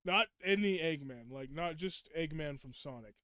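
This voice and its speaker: A young man chats casually while he plays, laughing often and acting out funny quotes. His voice sits high and sounds bright and sharp. The sound is close and dry. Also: animated, moderate pace, no room sound. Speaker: gaming streamer. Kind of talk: casual gameplay chat.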